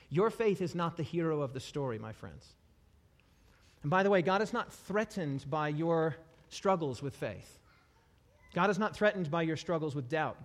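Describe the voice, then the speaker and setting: A male preacher giving a sermon to a live congregation, animated and repetitive, dropping humorous asides. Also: sits high. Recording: long hall reverb.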